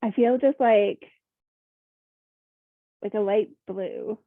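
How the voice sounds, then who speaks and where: A woman's voice: mid-range voice, slow pace, dry recording. A young woman from Minnesota, a workshop participant, talking hesitantly and searching for words with lots of "like". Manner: hesitant, searching, heavy use of "like". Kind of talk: casual personal sharing. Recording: tinny phone-like call audio.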